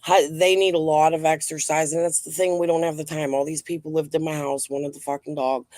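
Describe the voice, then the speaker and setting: A woman's voice: low voice, little pitch movement, fairly quick, few pauses, a little mellow, no echo. A woman hosting a live stream from her home, chatting casually in a rambling, blunt and profane way.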